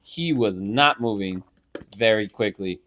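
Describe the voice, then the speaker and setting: This young man's fairly low voice unfolds at a measured pace as he co-hosts a casual podcast with a handheld mic. An animated storyteller, he swears heavily and acts out each scene.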